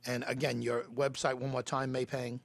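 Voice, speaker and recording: A man's voice: medium pitch, flat delivery, moderate pace, vocal fry. A man hosting a talk show interview, effusive and complimentary toward his guest. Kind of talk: broadcast interview.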